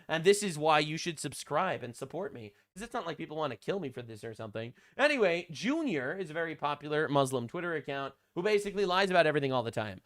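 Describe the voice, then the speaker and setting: A man hosting a commentary channel, talking in a mocking, deadpan sarcastic way with frequent fillers. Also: fairly high pitch.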